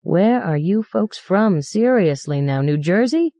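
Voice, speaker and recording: A woman reading as a sneering male cabbie who rants and mocks his passengers with fake politeness. His voice sits low and mellow, with a dry close sound and no room around it. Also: expressive, unhurried, dry recording. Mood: sarcastic ranting. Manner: mocking, ranting, mock-polite. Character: sarcastic foul-mouthed male New York cab driver.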